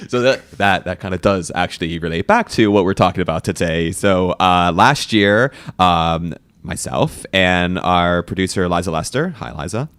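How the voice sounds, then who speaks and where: A man hosting a podcast, chatting in a relaxed, teasing way with plenty of fillers. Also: deep voice, normal speed, clean tone, dry recording. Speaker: podcast host. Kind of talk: casual podcast chat.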